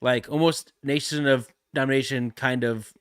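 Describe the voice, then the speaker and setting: A man's voice: mid-range voice, steady tone, fairly bright tone, clean tone, no room sound, studio quality. A man co-hosting a live podcast, chatting casually and agreeably and reading out viewer comments. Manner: agreeable, chatty, quick to affirm. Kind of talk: casual live-stream chat.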